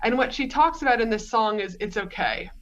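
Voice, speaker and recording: An Australian woman, a business coach appearing as a podcast guest, tells her story in a rambling, chatty conversational interview full of fillers. Her voice is fairly high and brisk, with the highs cut off and a faint hiss or hum.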